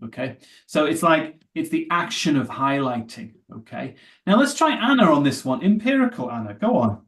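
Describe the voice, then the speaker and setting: Higher-pitched man teaching English. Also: sing-song, normal speed. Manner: questioning, encouraging students. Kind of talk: live online class.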